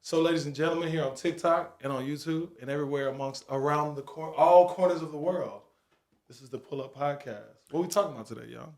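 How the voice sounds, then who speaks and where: A man hosting a casual podcast, joking and hyping his guest, dropping his voice low for emphasis. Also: quick pace, a little mellow, echoey room. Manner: playful, hype announcer delivery that drops low for emphasis. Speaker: podcast host. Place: recording studio in Atlanta.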